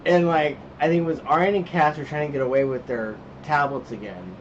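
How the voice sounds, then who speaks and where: A man's voice: a little high, fairly quick. A man co-hosting a casual podcast, rambling through stories about his kids and acting out their lines. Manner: rambling storyteller, acts out his kids' lines. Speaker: podcast co-host. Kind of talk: casual chat. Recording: dull lo-fi sound with faint noise.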